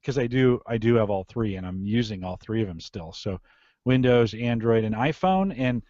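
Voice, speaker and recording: A man's voice: fairly low pitch, lively intonation, moderate pace, a little mellow, dry recording. Male podcast host, chatty and casual; dry, slightly muffled audio. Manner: chatty, self-correcting. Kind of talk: casual tech podcast chat.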